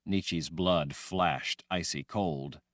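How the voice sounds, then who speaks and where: A man reading a fantasy audiobook aloud in a dramatic, expressive way. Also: sits low, drawn-out words, dry recording, studio quality. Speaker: audiobook narrator. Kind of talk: scripted fantasy audiobook narration.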